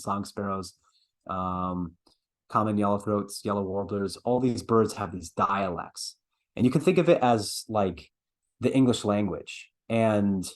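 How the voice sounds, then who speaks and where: Low-voiced man giving a birding talk. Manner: conversational, explanatory, with many fillers and restarts. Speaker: birding presenter. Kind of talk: online presentation lecture.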